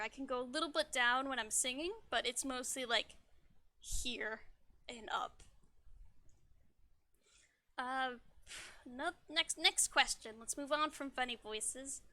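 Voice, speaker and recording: A woman's voice: high-pitched, bright, forceful tone. A young woman streamer chatting casually, bubbly and giggly, often stumbling over her words. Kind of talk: casual livestream chat.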